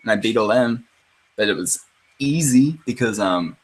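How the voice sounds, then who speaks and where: A man co-hosting a casual gaming podcast, sarcastic and quick to swear, laughing often as he chats. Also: on the low side, animated, slightly rough, low-quality recording. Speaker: podcast co-host. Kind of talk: casual chat.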